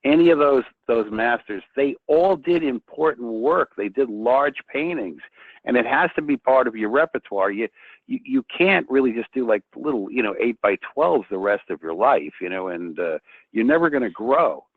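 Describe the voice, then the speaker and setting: A man speaking as a guest painter in a casual chat, excitable and often restarting his sentences. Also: mid-range voice, moderate pace, no echo. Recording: tinny phone-like line, dry.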